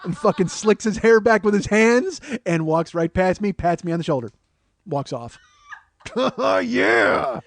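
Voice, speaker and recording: A middle-aged man, the host, telling a comic story in an animated, profane way, often getting loud and excited. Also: high-pitched, normal speed. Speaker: podcast host.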